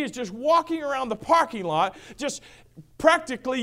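A middle-aged male pastor preaching a sermon, booming then dropping to a hush, acting out quoted voices. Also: very animated, fairly quick. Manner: swings from booming to hushed, acts out quotes.

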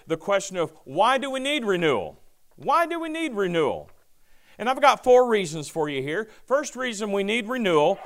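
A man preaching a sermon, reading scripture aloud with lively asides and a touch of sarcasm. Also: sits high. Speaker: pastor.

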